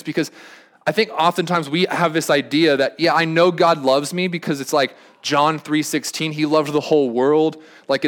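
A man's voice: a little high, a bit bright. Casual, stumbling young male pastor. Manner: conversational, rambling with many restarts. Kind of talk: sermon.

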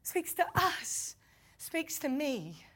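A woman's voice: high-pitched, big pitch swings, drawn-out words, fairly bright tone. A woman with a Southern accent giving an earnest personal faith testimony, speaking to her listeners as y'all.

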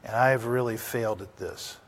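An older man preaches to his congregation in a folksy, storytelling manner. He keeps turning to the room with rhetorical questions and homespun anecdotes, his pitch sitting in a plain middle range. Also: moderate pace. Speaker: pastor. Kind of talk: sermon.

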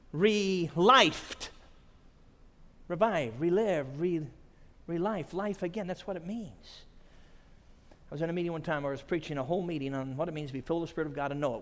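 A man's voice: a little high, big-room sound. A man preaching a sermon at a conference, telling stories and chuckling often. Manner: storytelling with frequent chuckles. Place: large conference hall.

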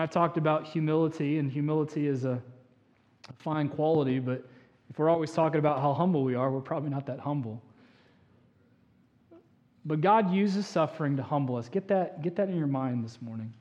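A man with a high voice preaching a Sunday sermon. He swings between quiet, low scripture readings and loud, fervent pleading. His voice keeps the lively rhythm of the pulpit. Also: brisk, pauses often, lo-fi sound. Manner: preaching with rising emphatic passages and acted pleas. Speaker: pastor.

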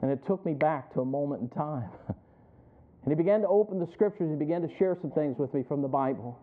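A male pastor preaching a sermon as a personal story, calling on listeners by name and building to loud emphatic peaks. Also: a little high, lively intonation, quick pace. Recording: tinny phone-like audio.

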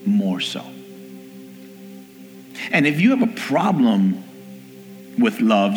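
A man preaching a sermon, telling a family story with lively delivery and acting out the people in it. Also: medium pitch, measured pace, long pauses. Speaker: pastor. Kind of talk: sermon with personal stories. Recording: long hall reverb with faint music.

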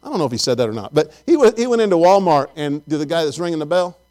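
Folksy high-voiced pastor. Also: male voice, lively intonation, rapid-fire, darkish tone. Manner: folksy, storytelling, chatty with the congregation. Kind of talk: sermon.

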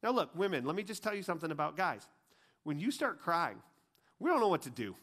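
High-voiced man preaching casually. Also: big pitch swings, a little fast. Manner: casual, chatty preaching with many "like"s and asides; drops to a hushed, grave tone for serious points. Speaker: pastor. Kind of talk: conversational sermon.

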